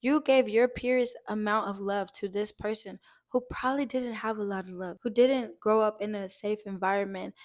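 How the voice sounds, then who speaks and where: A woman's voice: medium pitch, fairly even intonation, moderate pace, darkish tone. A young woman speaks straight to her viewers in a heartfelt, casual vlog. She sounds earnest and emotional, like she is holding back tears. Her talk is loose and chatty, full of "like" and the odd swear word. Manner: casual, uses fillers like "like" and swears lightly. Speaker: vlogger.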